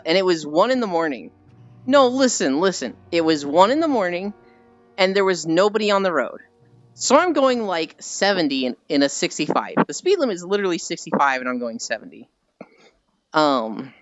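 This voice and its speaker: Young streamer rambling animated stories to chat, swears a lot, soft music behind, kinda dull audio. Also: mid-range voice. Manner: animated storytelling, swears freely. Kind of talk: casual chat with stream viewers.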